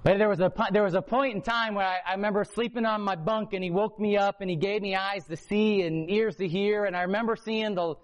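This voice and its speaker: Brief: man, high voice, prison-ministry preacher, impassioned sermon delivery, hushed lows to loud peaks. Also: steady tone, brisk, hardly any pauses, lo-fi sound. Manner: impassioned, swings from low hush to loud emphasis. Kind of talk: sermon testimony. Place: hotel or church meeting room before a congregation.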